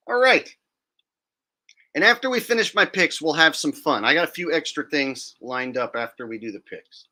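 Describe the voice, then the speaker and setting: A man's voice: on the high side, lively intonation, moderate pace, sharp tone. A man hosting a livestream, talking in a blunt, defiant and profane way. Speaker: livestream host. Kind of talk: casual livestream rant.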